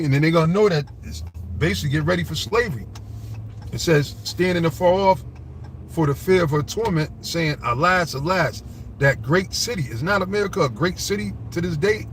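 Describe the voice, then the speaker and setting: A man preaching fervently from scripture, rambling and swearing and often asking his listeners "all right?" He reads the verses slowly and gets louder and higher when agitated. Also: a little hiss or hum. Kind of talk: fiery street-style scripture commentary.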